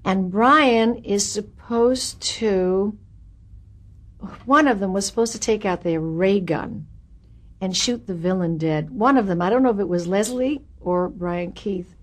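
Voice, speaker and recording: An older woman tells backstage anecdotes from her acting career in an interview. She is animated and self-mocking and laughs at her own stories. Her voice sits at an ordinary middle pitch for a woman. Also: unhurried.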